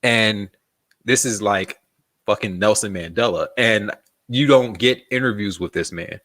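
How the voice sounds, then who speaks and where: A man with a very low voice tells a story as an interview guest, loose and casual, with a swear here and there. The sound is dry and close, with hardly any room around it. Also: measured pace, fairly bright tone, no room sound. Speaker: magazine founder, guest.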